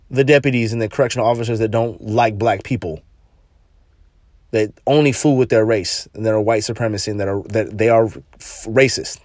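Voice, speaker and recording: A man's voice: lowish voice, fairly quick, a little mellow, dry recording, clean studio sound. A young man who works at a jail, telling a rambling story in casual chat, swearing and restarting often.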